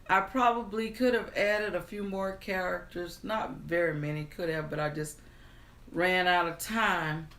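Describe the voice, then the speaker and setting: A woman hosting a live stream, greeting viewers, reading their comments aloud in an unhurried, friendly way, then starting a storybook tale. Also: on the low side, a bit bright, echoey room. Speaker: livestream storyteller host.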